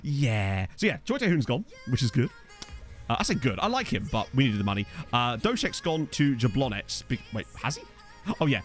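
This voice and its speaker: At a normal speed but very animated, a tired gaming streamer with a mid-range voice answers viewers during a casual let's-play. He rambles, jokes at his own expense, and leans heavily on fillers, with faint music in the background.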